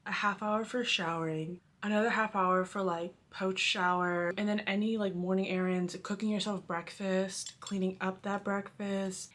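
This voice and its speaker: A woman's voice: medium pitch, fairly bright tone. Chatty young woman painter vlogging. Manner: chatty, rambling, lots of "like" fillers. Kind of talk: casual vlog chat. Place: home art studio.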